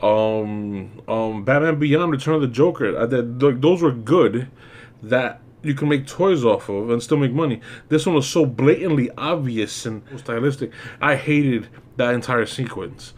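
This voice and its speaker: A man hosting his own movie review, talking casually and off the cuff. He rants with exasperation, stumbling over fillers and swearing freely, at an ordinary, middling pitch. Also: unhurried, a little mellow.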